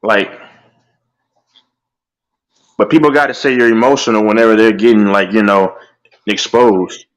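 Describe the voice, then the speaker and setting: Animated man venting about sports. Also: on the low side, moderate pace, pauses often, poor audio. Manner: animated, repeats "bro" often. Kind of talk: heated casual sports chat.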